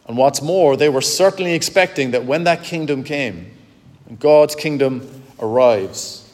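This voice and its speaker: Emphatic preacher in a reverberant hall. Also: male voice, a little slow. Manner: emphatic, dramatic swings in pitch and loudness. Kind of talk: sermon.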